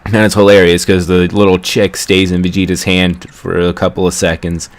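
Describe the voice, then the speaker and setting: Deep-voiced man recapping an episode casually. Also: little pitch movement, moderate pace. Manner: rambling, chatty retelling with self-corrections. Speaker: anime reviewer.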